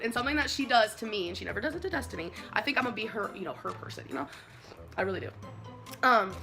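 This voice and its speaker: A woman's voice: on the high side, fairly bright tone. A young woman vlogger chatting casually to camera, gushing and rambling about her pets with lots of fillers. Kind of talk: casual pet tag chat to camera. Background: background music.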